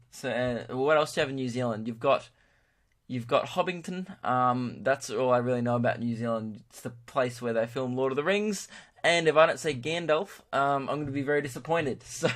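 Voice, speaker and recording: A man's voice: medium pitch, sharp tone. A young Australian man hosting his own comedy podcast, talking loosely and impulsively, swearing and laughing at his own jokes. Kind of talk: casual solo podcast chat.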